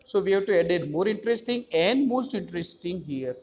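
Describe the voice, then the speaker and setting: A man's voice: high voice, lively intonation, fairly quick, darkish tone. Male teacher in an echoing room. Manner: repetitive step-by-step explaining, spelling out letters. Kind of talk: grammar lesson explanation.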